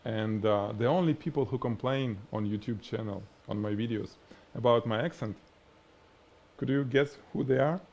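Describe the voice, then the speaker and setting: A man with a heavy Russian accent teaches lighting on a live show. His pitch sits right in the middle for a man. He talks in a lively, hands-on way and works through a demonstration as he goes. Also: moderate pace, lo-fi sound. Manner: animated, explains by demonstrating, laughs at himself. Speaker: photography instructor. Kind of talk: live-stream photography lesson.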